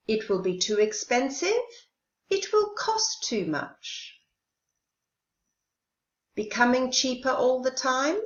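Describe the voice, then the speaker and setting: A woman teaching an English lesson, speaking slowly and carefully and modelling pronunciation clearly. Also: mid-range voice, fairly bright tone. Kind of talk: recorded language lesson. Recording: roomy, dull lo-fi sound.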